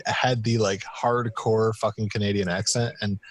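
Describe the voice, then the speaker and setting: A man's voice: on the low side, little pitch movement, normal speed, no room sound. A man co-hosting a podcast, telling a rambling story with casual swearing. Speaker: podcast co-host. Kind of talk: casual chat.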